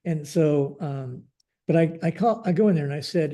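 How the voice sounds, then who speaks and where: A man in his sixties tells stories as a podcast guest in a mellow voice that sits a little high. He talks in a halting way, restarting his sentences and tagging them with a habitual phrase. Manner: halting, frequent restarts, keeps saying "like this". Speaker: podcast guest, retired Air Force general. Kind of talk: conversational storytelling.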